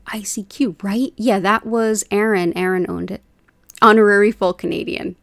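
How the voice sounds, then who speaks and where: A woman's voice: medium pitch, steady tone, normal speed, creaky, no echo. Host, woman, 40s, rambling casual chat, dry close mic. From United States. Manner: chatty, rambling, says "like" often. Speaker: Reiki livestream host. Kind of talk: casual chat with live viewers.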